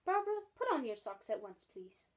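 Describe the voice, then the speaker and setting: A woman reading a stern, no-nonsense nanny from a storybook, crisp and curt. Her lines are short and firm, and the voice sits a little above a plain reading voice. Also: on the high side, very animated, moderate pace.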